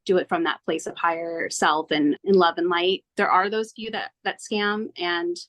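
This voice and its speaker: A woman's voice: lowish voice, moderate pace. Earnest woman telling her story. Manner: earnest, animated, acts out her own past thoughts. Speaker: tarot reader, podcast guest. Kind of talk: casual storytelling in an interview.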